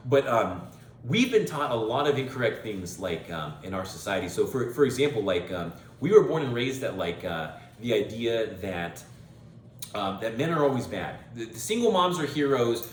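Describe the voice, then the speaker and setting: A man's voice: mid-range voice, very animated, normal speed, a little hiss or hum. Emphatic lecturing man in an echoey room. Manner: emphatic, lecturing, repeats phrases for stress. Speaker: podcast host. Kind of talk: opinionated monologue.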